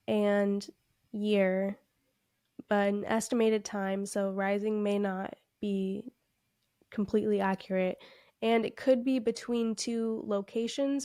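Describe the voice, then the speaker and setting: A congested woman co-hosting a podcast, chatting casually and filling her talk with "like". Her voice sits at an ordinary middle pitch. The sound is dry and close, with no room around it. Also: dark tone, no echo. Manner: chatty, heavy use of "like" fillers, laughs often. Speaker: podcast co-host.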